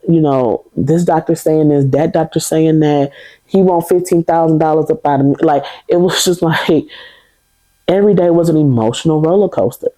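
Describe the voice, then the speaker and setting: Woman, young adult, warm tone, dry close sound, podcast testimony. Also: low voice, no room sound, rough recording. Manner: animated, laughing, acts out quoted voices. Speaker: podcast guest sharing testimony. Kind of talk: casual storytelling testimony.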